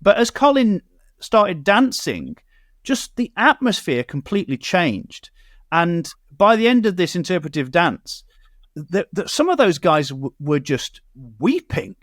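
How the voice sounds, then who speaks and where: A man's voice: sits high, sing-song, measured pace, a bit bright, dry recording, clean studio sound. A man from Britain hosting a radio talk show, chatting casually and telling stories with quoted asides. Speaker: host.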